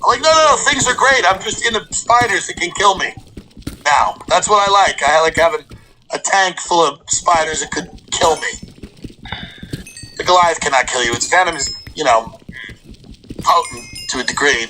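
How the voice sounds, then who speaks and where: A man's voice: medium pitch, slight background noise, poor audio. A man hosting a casual chat, telling funny stories and acting out the people in them. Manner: animated comic storyteller, acts out quotes.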